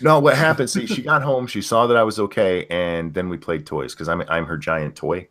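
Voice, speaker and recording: A man's voice: low-pitched, fairly even intonation, moderate pace, a bit bright. An older man hosting a casual livestream chat, telling stories with swearing and jokes. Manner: profane, joking storyteller. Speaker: stream host.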